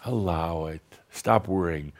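A man giving a channeled spiritual talk to an audience, blunt and teasing, slowing down to guide deep breaths. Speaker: spiritual teacher channeling a master.

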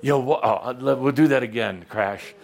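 A man's voice: medium pitch, moderate pace, gravelly. A man giving a playful spiritual talk to a live audience, teasing the listeners and acting out little voices. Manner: theatrical, teasing, acts out voices. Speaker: spiritual teacher addressing a live group.

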